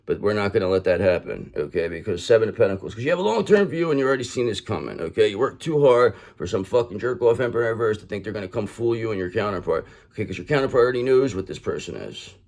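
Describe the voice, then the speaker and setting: A man's voice: fairly low pitch, very animated, fast talker, vocal fry, few pauses, a little mellow. A man giving an online tarot reading in a blunt, streetwise style, swearing freely and talking straight to the listener. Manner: blunt, streetwise and profane, addresses the listener directly. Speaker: tarot reader.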